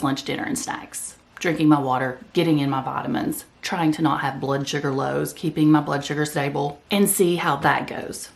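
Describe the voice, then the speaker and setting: A woman's voice: sits low, vocal fry. A woman vlogger talking casually to the camera in a chatty, rambling way, sometimes speaking with her mouth full. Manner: chatty, rambling, talks while eating.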